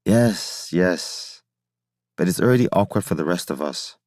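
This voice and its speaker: A man's voice: sits low, expressive, measured pace, dry recording, clean studio sound. A man voicing a jovial older male scientist who teases and coaxes his younger colleague in a playful, fatherly way. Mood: coaxing. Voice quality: rich, warm laugh.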